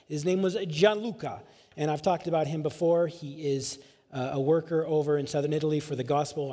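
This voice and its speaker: A man's voice: a little high, darkish tone. A male pastor telling a personal story in a sermon, casual and rambling, full of filler phrases. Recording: long hall reverb.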